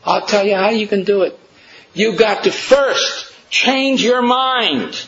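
A man voicing a wise, calm great one who speaks in a measured, instructive way. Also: high-pitched, dull audio, slight background noise, heavily acted.

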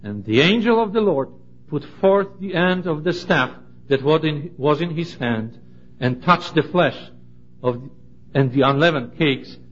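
A man giving a Bible study, reading scripture aloud in a measured, deliberate way and stressing key words. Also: fairly high pitch, a bit bright. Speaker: Bible teacher. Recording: dull lo-fi recording.

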